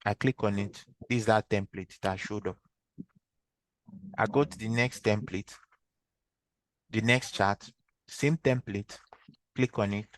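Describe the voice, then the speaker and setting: A man's voice: lowish voice, fairly even intonation, a little slow, pauses often, no echo. A man with a Nigerian accent teaching a trading lesson online, patiently walking through steps and quizzing his students with repeated questions. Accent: Nigerian English. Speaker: trading instructor. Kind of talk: online screen-share training session.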